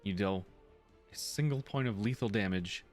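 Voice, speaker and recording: A man with a lowish voice runs a tabletop game, narrating outcomes in a casual, halting way. He restarts phrases often and breaks into laughs. Faint music plays behind him. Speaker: game master.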